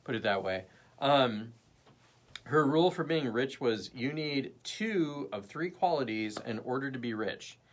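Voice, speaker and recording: Animated rambling male livestream host. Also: mid-range voice, a little slow. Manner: rambling, animated, jumps between topics and chat. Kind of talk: casual livestream chat reading comments.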